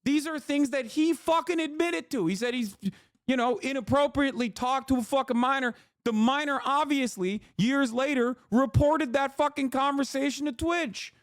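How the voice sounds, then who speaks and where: A man's voice: very high-pitched, moderate pace, dry recording, clean studio sound. A man in his thirties, a streamer giving casual, profane, exasperated commentary on news.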